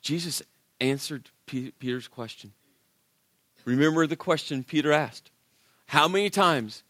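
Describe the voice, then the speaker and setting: A male pastor preaching a sermon in an animated way, acting out the voices of biblical characters. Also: fairly high pitch, no room sound, studio quality.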